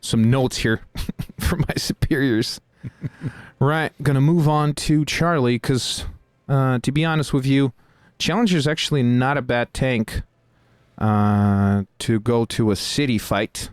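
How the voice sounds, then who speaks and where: A man hosting a live game stream who chats away as he plays, full of fillers and quick laughs. His voice sits at an average pitch. The sound is dry and close to the mic. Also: smooth, dry recording. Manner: chatty, with many fillers and laughs. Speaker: host and game narrator. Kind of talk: casual chat while playing a game live.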